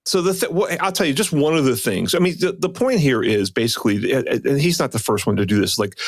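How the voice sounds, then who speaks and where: A middle-aged man co-hosting a podcast in casual chat, animated and quick to slip into mocking impressions. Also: medium pitch, dry recording, studio quality. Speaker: podcast co-host.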